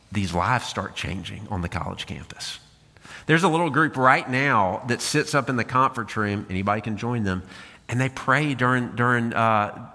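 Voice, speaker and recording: Man, pastor, sermon, conversational preaching, rhetorical questions, bright tone, long hall echo. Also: mid-range voice. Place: church sanctuary.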